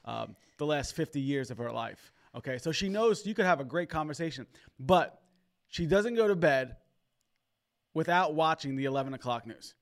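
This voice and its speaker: A man's voice: fairly high pitch, expressive, normal speed. Upbeat man hosting a church livestream. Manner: upbeat, exhorting viewers. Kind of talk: casual chat and preaching.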